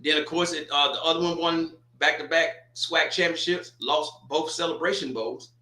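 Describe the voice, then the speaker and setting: A man hosts a casual sports livestream, talking loosely and joking with his viewers. His voice sits high and sounds bright and sharp. The room around him rings with a noticeable echo. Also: fairly even intonation, normal speed.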